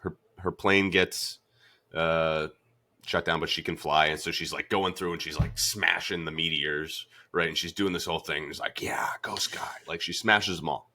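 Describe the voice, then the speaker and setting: A man hosting a podcast, retelling a story in a casual, animated way with lots of "like" fillers. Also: deep voice, normal speed. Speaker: podcast host.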